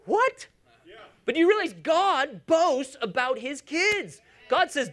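A woman's voice: sits high, sing-song, unhurried, a bit bright. A woman preaching a sermon in a church, emphatic and coaxing her congregation along.

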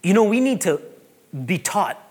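Man preaching a sermon, high voice, lively pitch swings, playful asides, repeats lines. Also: moderate pace, breathy edge. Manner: animated, joking asides, repeats phrases for emphasis. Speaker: pastor.

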